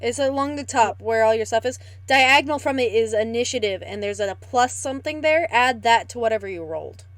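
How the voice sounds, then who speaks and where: A woman playing a tabletop game on a live stream, talking brashly and excitably and swearing freely. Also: fairly high pitch, fairly quick, hardly any pauses, no echo. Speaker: player.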